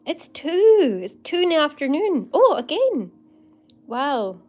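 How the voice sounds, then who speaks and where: A woman's voice: sits high, sing-song, slow, darkish tone. A Scottish woman hosting a casual livestream, bubbly and laughing often as she chats to viewers by name. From Scotland. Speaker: livestream host. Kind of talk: casual live chat with viewers.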